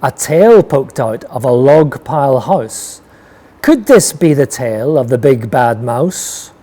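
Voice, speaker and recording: A man reading a rhyming picture book aloud with a rhythmic, expressive delivery. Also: mid-range voice, takes it slowly. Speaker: storyteller.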